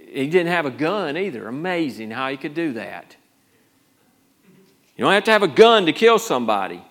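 A male pastor preaching a conversational sermon, rambling through restarts and rising to urgent emphasis. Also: on the high side.

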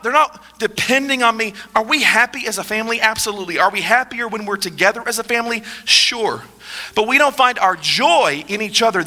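A pastor whose voice sits high, bright and forceful, preaches a sermon in a casual, joking way and asks the audience rhetorical questions. Long hall reverb colors the recording.

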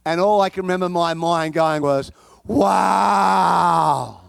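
A man with a high voice preaches a sermon, spinning a personal story with comic timing and plenty of repeated words and restarts. His voice sounds dry and close, with no room echo. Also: fairly quick, smooth. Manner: animated, comic storytelling with frequent repetitions and restarts. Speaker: pastor.

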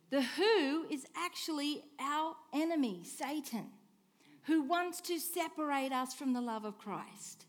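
Woman, preacher, sermon, high voice, unhurried, rhetorical questions, hushed to emphatic. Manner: expressive, swings from soft hush to emphatic declaring; slow, deliberate delivery with rhetorical questions.

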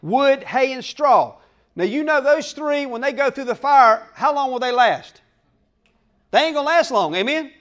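A man's voice: extremely high pitch, expressive, moderate pace, fairly bright tone. A male pastor preaching a sermon, emphatic and folksy, calling out to the congregation. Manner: folksy plain speech.

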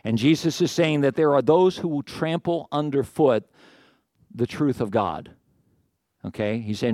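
Preaching a conversational sermon, a middle-aged pastor pokes fun at himself, makes asides and puts rhetorical questions to his congregation while out of breath. His medium-pitched, slightly mellow voice has lively intonation at normal speed, recorded in studio quality with no echo.

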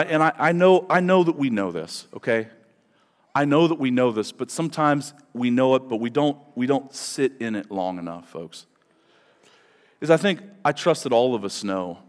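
Guy preaching, chatty and rambly, punches up key lines, big echoey church sound. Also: medium pitch. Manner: conversational, digressive, dramatic emphasis. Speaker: pastor. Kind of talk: sermon. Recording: long reverb of a large hall.

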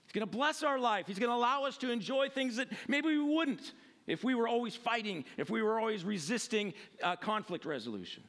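A man's voice: very high-pitched, animated, fairly quick, a bit bright. A male pastor preaching a sermon and reading scripture in a casual, conversational way, with frequent fillers.

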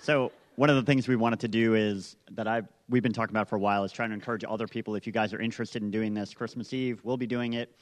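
Man, low voice, brisk church announcement, long hall reverb. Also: fairly even intonation. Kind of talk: announcement to a congregation.

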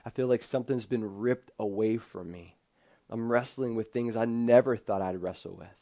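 A man's voice: mid-range voice, normal speed, warm tone. A man in his thirties preaching an earnest, conversational sermon, often restarting his sentences. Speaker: pastor.

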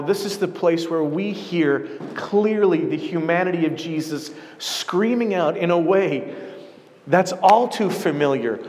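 A man with a fairly high voice preaches a sermon in a storytelling way, coming back to the same phrase again and again for weight. His voice rings out with a long reverb, as in a big church hall. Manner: storytelling, repeats key phrases for emphasis. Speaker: pastor.

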